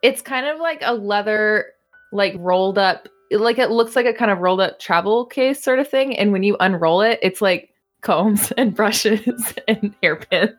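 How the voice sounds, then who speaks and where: A woman's voice: mid-range voice, normal speed, soft background music. A woman playing a tabletop game, chatty and laughing often. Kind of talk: casual tabletop game play.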